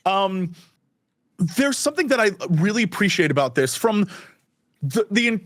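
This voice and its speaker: A man guesting on a podcast, chatting in an animated, excitable way and laughing often. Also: sits high, moderate pace, no room sound, clean studio sound. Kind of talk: casual podcast chat.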